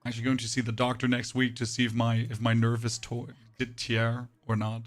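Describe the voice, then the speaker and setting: A male game streamer chatting casually with his live chat, his voice temporarily deeper and rougher than usual, bantering and reading messages aloud with sarcastic asides. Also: completely flat delivery, brisk.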